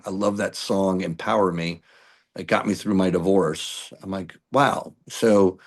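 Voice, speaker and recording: A middle-aged male musician telling lively stories in an interview, acting out what people said to him. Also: low-pitched. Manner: animated anecdotes with acted-out quotes. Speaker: musician guest. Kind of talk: storytelling interview.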